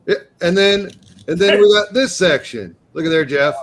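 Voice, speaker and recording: Lively joking man on a video chat. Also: sits high, normal speed. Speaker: co-host.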